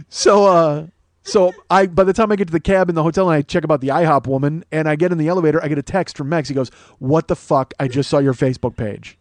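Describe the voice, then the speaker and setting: A man's voice: fairly high pitch, quick pace, no echo. A man in his forties, a comedian and podcast host, telling a profane story in a casual monologue and acting out the quoted dialogue. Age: 40s.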